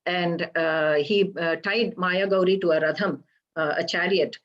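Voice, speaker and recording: A lowish-voiced woman storyteller for a temple program recounts an ancient Hindu legend in a steady tone, pausing haltingly to explain and to check on her audience. The audio has a somewhat dull, lo-fi sound.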